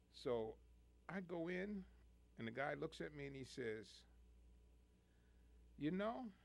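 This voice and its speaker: A man hosting a call-in radio show, telling stories in an animated way and laughing often. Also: medium pitch, gravelly. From United States. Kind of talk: call-in radio chat, storytelling.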